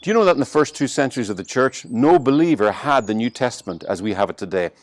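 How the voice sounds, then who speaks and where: Irish pastor preaching with shifting emphasis. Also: male voice, mid-range voice, lively intonation, dry recording. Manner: varies emphasis and pace, slows to a soft hush on key lines. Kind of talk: sermon.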